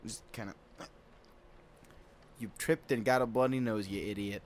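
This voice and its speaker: A man's voice: on the low side, steady tone, moderate pace, pauses often, heavy background noise. A man acting in a comedy skit, joking and reacting in an exaggerated way. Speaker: sketch comedian.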